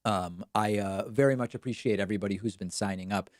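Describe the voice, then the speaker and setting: A man's voice: lowish voice, fast, dry recording, clean studio sound. A man hosting a live political commentary stream, talking back at clips with sarcasm. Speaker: show host.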